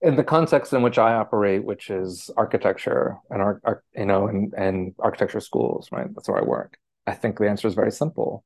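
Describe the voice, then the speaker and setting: A low-voiced man speaks with a gravelly edge, picking his words slowly and restarting often. The sound is close and dry, with no room around it. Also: a little mellow, no room sound. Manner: thoughtful, hesitant, many fillers and restarts. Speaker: architecture scholar, interviewee. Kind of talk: conversational interview answers.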